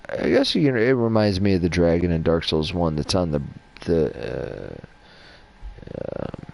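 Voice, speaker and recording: A man casually rambling and swearing as he talks through game lore over his gameplay. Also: low voice. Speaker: gaming channel host.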